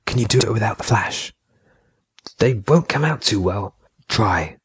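A man playing a driven adult male explorer who speaks in a hushed, urgent way. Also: on the low side, animated, unhurried, slightly rough, dry recording, clean studio sound, pitched above the performer's own voice, heavily acted.

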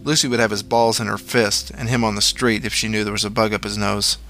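Bright-voiced man narrating horror. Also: fairly low pitch, level tone, soft background music. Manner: measured, dramatic storytelling. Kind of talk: scripted horror story narration.

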